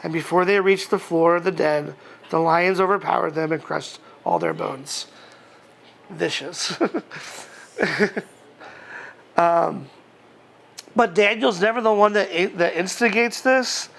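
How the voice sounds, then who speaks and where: Male pastor, high and gravelly voice, easygoing conversational preaching with scripture reading. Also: slow, long pauses. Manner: relaxed, chatty, frequent fillers and chuckles.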